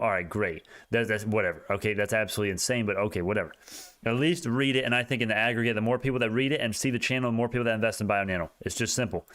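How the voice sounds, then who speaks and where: A young man with a medium-pitched voice hosts a casual stock market livestream. He talks excitably and ramblingly, restarting often.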